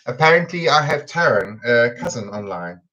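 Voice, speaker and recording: Laughing often, the South African host teases and chats his way through a live cooking stream. His mid-range voice has lively intonation and a pushed, bright quality at normal speed. Picked up by a computer camera, the recording is low quality.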